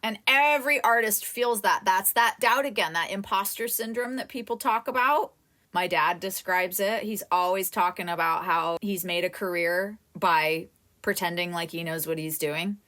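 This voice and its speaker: A woman acting coach leading a live coaching session, talking straight to a student in an animated way. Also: mid-range voice, normal speed. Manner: animated, talks directly to a student.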